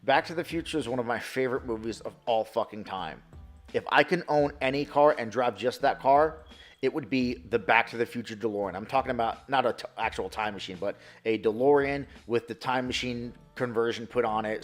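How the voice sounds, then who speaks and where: A man in his thirties from New York, chatting casually on a live stream, answering chat in a profane, excitable, rambling way. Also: mid-range voice, fairly quick.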